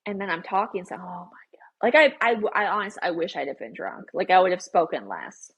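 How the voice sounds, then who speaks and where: A young woman co-hosting a podcast, talking in a chatty, animated, over-explaining way. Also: lowish voice, fairly quick, vocal fry, husky. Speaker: podcast co-host. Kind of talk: casual chat.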